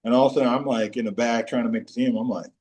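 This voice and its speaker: Man telling locker-room stories. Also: very fast. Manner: animated anecdotes, jumps into high-pitched impressions of teammates. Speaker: podcast guest, former pro football player. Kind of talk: casual storytelling interview.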